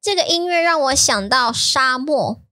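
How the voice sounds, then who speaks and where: A woman's voice: sits high, animated, normal speed, pushed and bright, no room sound, studio quality. A woman co-hosting a podcast in casual chat, a native Mandarin speaker, giggly and hesitant when she searches for English words. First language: Mandarin Chinese. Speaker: podcast co-host.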